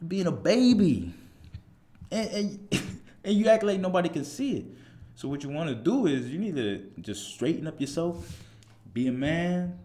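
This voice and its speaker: A man's voice: a little high, dark tone. A man, a soldier giving blunt, profane motivational advice in a casual monologue, full of rhetorical questions.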